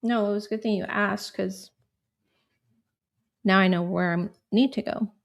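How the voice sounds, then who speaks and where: A woman guest on a livestream calmly walking through a timeline of events. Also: mid-range voice, moderate pace, creaky. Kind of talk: recounting a timeline.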